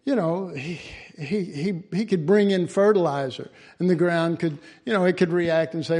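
A man's voice: high-pitched, normal speed, hardly any pauses, a little mellow. A man giving an informal Bible teaching in a folksy way, chuckling often and restarting his phrases.

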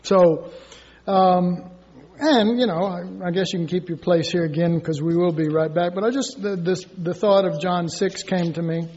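Male preacher, very high voice, lively sermon delivery, dull recording with long reverb. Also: normal speed, slightly rough. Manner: animated, acts out quoted voices with sudden high cries. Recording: dull echoey recording from far off.

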